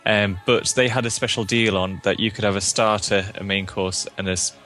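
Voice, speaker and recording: A man co-hosting a casual podcast chat, talking in a halting way with restarts. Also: fairly low pitch, soft background music. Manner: hesitant, restarts, animated. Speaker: podcast co-host.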